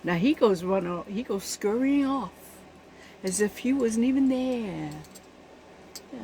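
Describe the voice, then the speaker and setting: A woman's voice: a little high, expressive, a little slow, gravelly, long pauses, mellow, slight background noise, poor audio. Indignant woman giving spoken commentary. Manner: indignant, emphatic, checks in with the listener. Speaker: commentator on the news.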